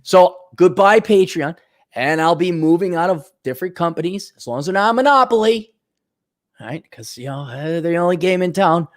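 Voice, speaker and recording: A man from the Milwaukee area ranting in a casual vlog, blunt and sarcastic, with quick asides. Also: high-pitched, animated. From Milwaukee area, USA. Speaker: vlogger.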